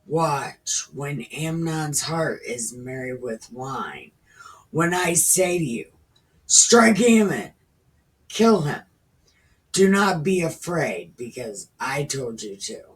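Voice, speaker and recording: A woman's voice: rumbling low, expressive, slow pace, exaggerated voice. A woman doing a brash scheming young prince. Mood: commanding. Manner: pushy, slangy, profane. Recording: distant from the mic.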